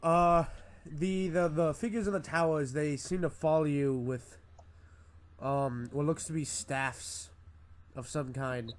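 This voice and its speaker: A man running a tabletop game as game master, describing scenes in a hesitant, halting way. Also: on the high side, steady tone. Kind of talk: narrating a tabletop game session.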